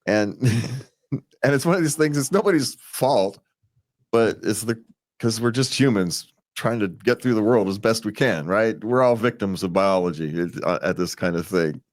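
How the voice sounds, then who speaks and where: At a moderate pace, a man with a lowish voice co-hosts a relationship advice show. He chats casually and wanders, restarting and repeating words and chuckling a lot.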